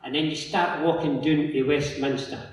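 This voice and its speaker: A man's voice: fairly high pitch, steady tone, normal speed. A man with a Scottish accent giving a chatty, rambling conference talk, telling a story and acting out the other people's lines. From Scotland. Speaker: local councillor giving a talk. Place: large conference hall. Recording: echoey hall from far off.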